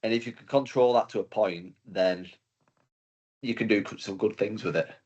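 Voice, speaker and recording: A man's voice: lowish voice, normal speed, darkish tone, breathy edge, highs cut off. A man, a guest on a podcast, laughing easily and tripping over his words. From north-west England. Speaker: podcast guest, marathon runner. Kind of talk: casual podcast chat.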